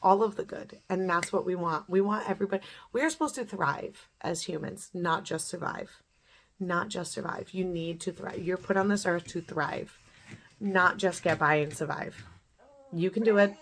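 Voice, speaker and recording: A woman in her thirties talks straight to camera in a home vlog, her voice sitting a little low. She gives an earnest, repetitive pep talk, leaning hard on the words she wants to land. A faint hiss of noise sits behind her. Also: moderate pace, fairly bright tone. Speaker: beauty vlogger. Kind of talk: casual motivational talk to camera.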